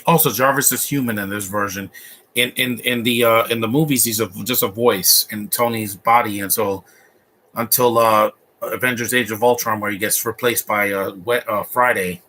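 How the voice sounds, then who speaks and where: A man's voice: on the low side, fairly even intonation, normal speed, sharp tone, slight background noise. A man giving a casual, opinionated live commentary over a movie, rambling with frequent restarts. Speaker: host.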